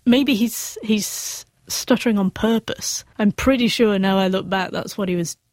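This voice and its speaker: A middle-aged woman speaks as an interview guest, stuttering on sounds and pushing through with candid, earnest storytelling. Her voice sits at an ordinary pitch and is recorded close and dry, with no room sound around it. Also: measured pace, a little mellow, no echo.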